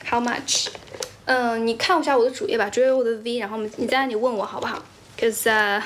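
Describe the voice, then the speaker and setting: A young woman from China chats casually on a livestream, switching between English and Chinese. Her voice sits a little high. She laughs often and keeps thanking viewers for their gifts. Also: steady tone, fast talker, fairly bright tone. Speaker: livestream host. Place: indoors, squatting while streaming.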